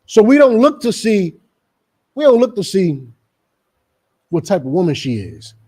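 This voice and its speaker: Emphatic high-voiced preacher man. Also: sing-song, measured pace, darkish tone. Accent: New Jersey. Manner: emphatic, repetitive, mocking asides in character. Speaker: street preacher. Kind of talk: street sermon.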